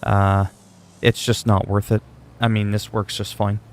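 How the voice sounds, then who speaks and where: A man's voice: on the low side, little pitch movement, measured pace, darkish tone. A man chatting casually while livestreaming a game, answering chat questions in a laid-back, swearing way.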